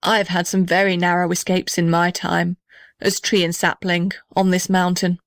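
A woman's voice: on the low side, little pitch movement, normal speed, no echo, lightly acted. Lady voicing a big old tree guy in a storybook, grave and wise, dry close sound. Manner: grave, declaring.

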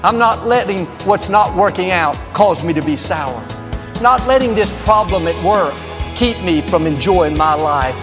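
A man's voice: high-pitched, expressive, a little slow, long reverb tail, over music. A man preaching an upbeat, emphatic sermon as a pastor in a large church auditorium. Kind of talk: televised sermon.

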